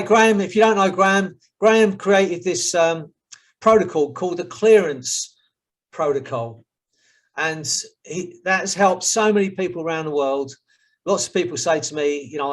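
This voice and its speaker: London guy, hypnotherapist on a video call, kinda high voice, calm then chatty with the group. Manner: soothing counting suggestions, then chatty and upbeat. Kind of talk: hypnotherapy session and casual group chat.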